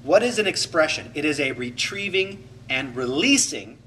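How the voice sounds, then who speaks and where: Lively, bright-voiced male coach. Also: fairly high pitch, normal speed, distant mic, slight background noise, low-quality recording. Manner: animated, acts out inner voices to illustrate. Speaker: holistic coach teaching a class. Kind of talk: reflective teaching talk.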